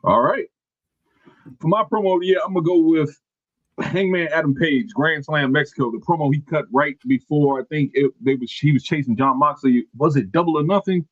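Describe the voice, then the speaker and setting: A man's voice: on the high side, a little fast, no echo, dull audio. A man co-hosting a wrestling podcast in casual, slangy chat, laid-back and sometimes searching for names. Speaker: podcast co-host.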